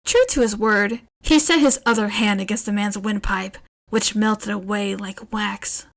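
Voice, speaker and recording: A woman narrating a fan fiction podfic in an expressive, lively way, ending with chatty asides. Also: medium pitch, measured pace. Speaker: podfic reader.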